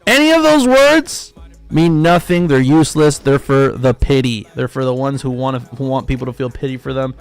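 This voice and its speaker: A man's voice: mid-range voice, lively intonation, normal speed, smooth, no room sound, faint music behind. A man hosting a live trading stream, ranting emphatically and profanely, repeating himself for effect. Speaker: livestream trading host. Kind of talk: casual livestream rant.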